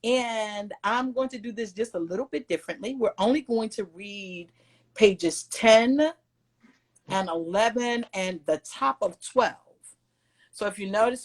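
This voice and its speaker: Encouraging female teacher. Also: mid-range voice. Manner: encouraging, gives instructions. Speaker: middle school teacher. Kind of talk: classroom lesson.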